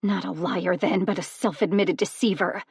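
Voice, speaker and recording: A woman's voice: on the low side, fairly even intonation, normal speed, gravelly, breathy edge, dry recording, studio quality, heavily acted. Woman doing a furious wounded young goddess. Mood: cold. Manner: forceful and accusing.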